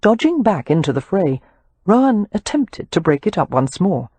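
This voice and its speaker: Husky, expressive woman audiobook narrator. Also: lowish voice, normal speed, dry recording. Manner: expressive, lively storytelling.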